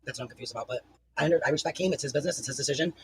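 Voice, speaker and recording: A woman's voice: sits low, rapid-fire, background noise. A woman co-hosting a livestream, talking in a heated, profane way and pleading with viewers. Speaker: livestream co-host. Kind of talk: livestream commentary.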